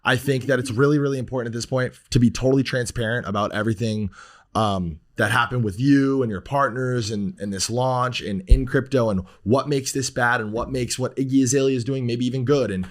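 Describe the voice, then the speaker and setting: A man's voice: mid-range voice, fairly quick. A man, a podcast guest who talks bluntly, rambles with fillers and swears often. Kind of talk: casual podcast talk.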